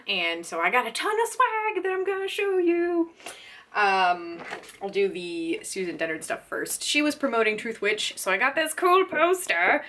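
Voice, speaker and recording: A woman book vlogger chatting casually to camera, giggly and gushing with fan excitement. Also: on the high side.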